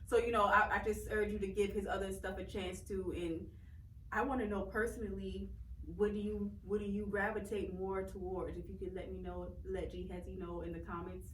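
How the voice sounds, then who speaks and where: A woman hosts a relaxed interview with an upbeat, playful manner and ready laughter. Her voice sits at a middle pitch and carries a roomy echo, a little distant from the mic. A faint hiss runs under it. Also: a little fast. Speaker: interviewer host. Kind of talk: casual interview chat.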